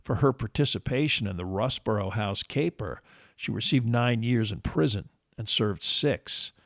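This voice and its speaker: A man narrating a history podcast in a measured, steady scripted read. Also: on the low side, no room sound, studio quality.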